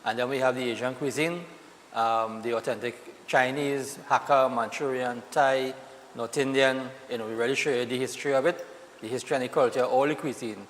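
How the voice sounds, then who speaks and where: A Trinidadian man, the show's chef, pitches cooking courses in a lively, upbeat way. His voice is of middle pitch. It carries a long room reverb over a faint hiss. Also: a little fast. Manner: upbeat, promotional. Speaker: chef guest. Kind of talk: casual chat and course promotion.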